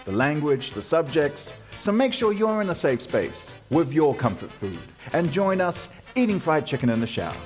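A man hosting a casual podcast chat, playful and quick to laugh. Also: on the high side, big pitch swings, soft background music. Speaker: podcast host.

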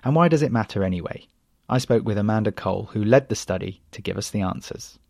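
A male reporter narrating a scripted report with crisp, even delivery. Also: lowish voice, quick pace, dry recording, studio quality.

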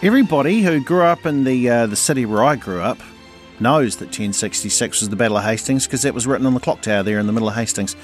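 A man hosting a radio show, interviewing a guest with expressive, swooping delivery. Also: quick pace. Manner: expressive, warm-hearted interviewer with swooping pitch. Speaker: radio host. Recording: dry studio mic with faint music.

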